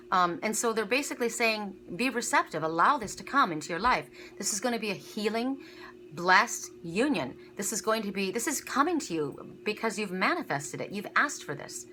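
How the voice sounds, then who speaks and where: A woman giving a casual spiritual reading to viewers, earnest and halting, often repeating her words as she goes. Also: medium pitch, sharp tone, slight background noise. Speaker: spiritual card reader.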